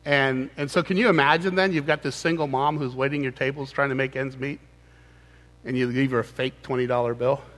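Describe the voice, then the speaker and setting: A man preaching a humorous sermon in a conversational, teasing way with animated asides. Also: mid-range voice, a little fast, big-room sound.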